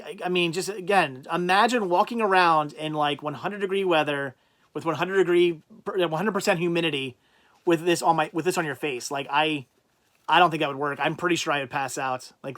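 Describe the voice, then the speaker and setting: A man hosting a casual livestream, rambling and thinking out loud as he reads out and answers viewers' chat comments. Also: on the high side, a little fast. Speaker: livestream host.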